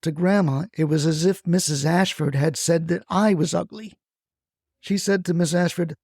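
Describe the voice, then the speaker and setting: Man, comic story narration, folksy, wry, mellow voice, dry sound. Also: on the high side, moderate pace, dry recording. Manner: wry, folksy, deadpan asides.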